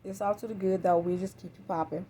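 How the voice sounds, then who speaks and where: A woman's voice: mid-range voice, little pitch movement, fast talker, dark tone, a little hiss or hum. A woman giving a casual live tarot reading into a phone, blunt, profane and fired-up as she talks to viewers. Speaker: tarot reader.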